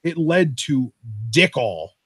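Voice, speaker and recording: A man's voice: fairly high pitch, very animated, slow, fairly bright tone, breathy edge, no room sound. A man co-hosting a wrestling talk show, giving critical explanations in casual chat. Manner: critical, explanatory, agreeing with co-host. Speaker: wrestling podcast co-host.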